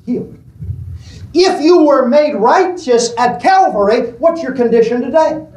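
A man's voice: very high-pitched, expressive, unhurried, darkish tone. A man preaching a sermon, leading the congregation in call-and-response and repeating his phrases. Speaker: pastor.

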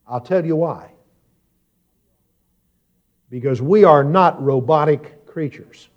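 A man preaching a sermon, moving from quiet, reflective explanation to loud, emphatic scripture reading and questions to his congregation. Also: a little high. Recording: dull lo-fi sound.

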